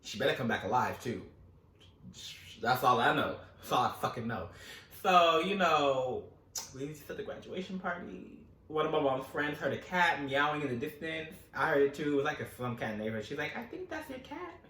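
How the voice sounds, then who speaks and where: A man telling a wild true story in a casual vlog, animated and profane. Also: on the high side, fairly quick, roomy sound, recorded from a distance. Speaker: storytelling host.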